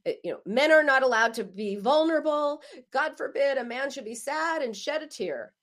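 A woman speaking as an author giving advice, emphatic and animated, often acting out quoted phrases. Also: high voice, normal speed. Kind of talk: spoken advice monologue.

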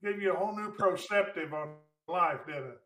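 Man, slightly high and bright, chatty co-host who laughs at his own stories. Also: moderate pace, echoey room, far from the mic, rough recording. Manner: jokey, laughs often, trails off mid-sentence. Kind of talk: casual chat.

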